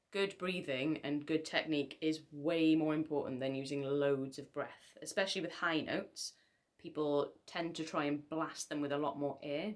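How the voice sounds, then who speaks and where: A young woman, a singer, giving casual vocal tips to camera with chatty, self-deprecating asides. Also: low voice.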